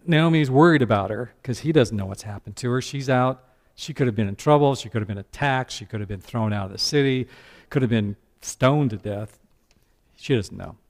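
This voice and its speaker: A man preaching a sermon as pastor, animated, breaking into character voices. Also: mid-range voice, brisk.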